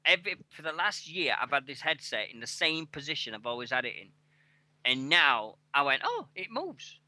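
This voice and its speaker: Man, radio host, sweary rambling chat, sharp forceful tone, dry close headset sound. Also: mid-range voice, fairly quick, dry recording. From England. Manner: sweary, rambling, laughing at himself. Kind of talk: casual chat on a web radio show.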